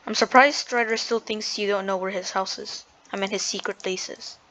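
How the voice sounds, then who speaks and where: A woman chats her way through a block-building game, thinking aloud and interrupting herself. Her voice sits at an everyday middle pitch. Her words are peppered with "like". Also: fairly even intonation, moderate pace, a bit bright, muffled recording. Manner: chatty, hedging with "like", self-interrupting. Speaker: gamer and video creator. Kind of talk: casual gameplay commentary.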